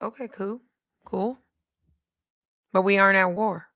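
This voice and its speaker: A woman hosting a livestream in casual chat, talking in an excitable, chatty way and laughing often. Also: mid-range voice, a little slow, no echo, studio quality. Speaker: livestream host.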